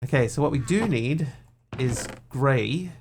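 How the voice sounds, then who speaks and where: A man's voice: mid-range voice, expressive, a little slow, a little mellow, a little hiss or hum. A man streaming a game, thinking aloud, counting items under his breath and chatting casually with viewers. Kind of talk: casual chat while playing a game.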